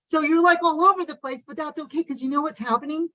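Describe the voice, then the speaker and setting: A woman giving a fast, passionate motivational talk over a video call, full of "like" and "you guys.". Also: sits high, sharp tone, no room sound, rough recording. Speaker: motivational speaker at an online conference. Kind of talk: motivational speech.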